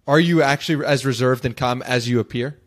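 A man hosting a podcast, asking probing questions in a slightly halting way. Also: mid-range voice. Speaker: podcast host. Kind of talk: casual interview questions.

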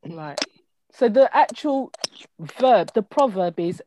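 High-voiced woman in easy chat. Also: lively intonation, takes it slowly, dull audio, noisy background. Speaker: co-host. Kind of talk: casual chat.

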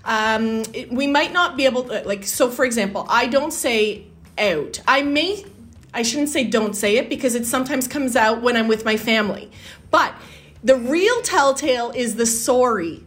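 Chatty Canadian woman, high voice. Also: moderate pace. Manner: lively, chatty, switches into Portuguese. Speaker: guest. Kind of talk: casual podcast chat.

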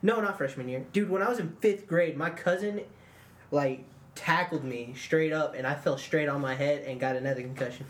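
A man's voice: fairly high pitch, moderate pace. A young man co-hosting a podcast, telling a rambling story in casual chat, swearing often and saying "dude" and "like" a lot. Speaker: podcast co-host.

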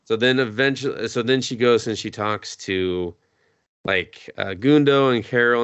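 A man's voice: medium pitch, normal speed, a bit bright, clean tone, no room sound. A man co-hosting a podcast, casually recapping a show in a rambling way, swearing freely and acting out the characters' lines. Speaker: podcast co-host. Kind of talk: casual anime recap chat.

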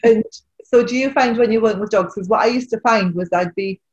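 A woman's voice: fairly high pitch, fairly quick, a little mellow, husky, lo-fi sound. A woman kinesiologist chatting with a colleague about working with dogs and their owners. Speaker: kinesiologist, host. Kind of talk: casual conversation.

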